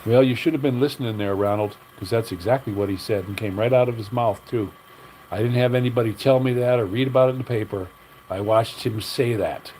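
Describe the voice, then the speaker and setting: A man's voice: medium pitch, brisk, warm tone, a little hiss or hum, low-quality recording. An older man hosting a livestream, talking bluntly in a rambling, opinionated way. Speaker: livestream host. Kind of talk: casual livestream rant.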